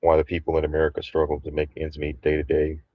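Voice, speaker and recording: A man's voice: extremely low pitch, completely flat delivery, quick pace, husky, no room sound, highs cut off. A man hosting a casual talk show, commenting loosely and swearing offhand. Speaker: show host.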